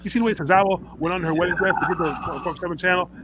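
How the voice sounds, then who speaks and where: A man's voice: high-pitched, fairly even intonation, racing, heavy background noise. A man hosting a casual wrestling talk show, ranting in a heated, rambling way, with many stammers and restarts. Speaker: host.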